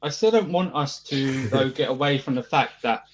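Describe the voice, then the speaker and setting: A man in a casual football chat, talking in a measured, hedging, thoughtful way. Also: mid-range voice, a crowd in the background. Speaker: podcast co-host.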